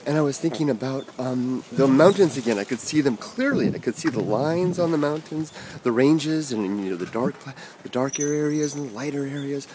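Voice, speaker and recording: A man telling a personal story on a walk outside, talking in a halting, rambling way with many fillers and restarts. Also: medium pitch, noisy background. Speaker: vlogger. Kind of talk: casual storytelling vlog. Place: outdoors on an early-morning walk.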